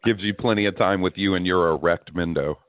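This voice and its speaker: A man's voice: sits low, a little fast, dry recording. A man co-hosting a podcast, chatting in an easygoing, teasing way. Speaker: podcast co-host. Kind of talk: casual chat. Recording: dry, phone-like narrow sound.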